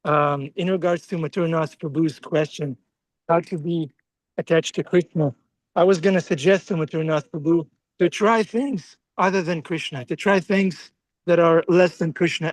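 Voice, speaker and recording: A man's voice: a little high, no echo, low-quality recording. Man moderating an online class. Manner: friendly, thanks speakers and passes the turn. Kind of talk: casual moderating.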